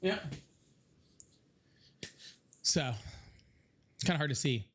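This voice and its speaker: A man with a fairly high voice talks loosely to a live audience, wandering from one story to the next and breaking into laughter. His voice sounds a little stuffy from allergies. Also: slow pace, a bit bright, husky. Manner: rambling, joking, laughs often. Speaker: live stream host. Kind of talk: casual chat to a live audience.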